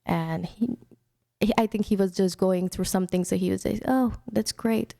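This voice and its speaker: A woman's voice: medium pitch, fairly even intonation, moderate pace, vocal fry, warm tone. A young woman from India, hosting an internet radio show in casual, chatty storytelling talk with many restarts.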